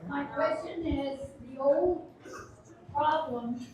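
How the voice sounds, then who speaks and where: A woman in the audience asking a question from the floor, slow and tentative. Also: high voice. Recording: distant voice in an echoey hall with crowd.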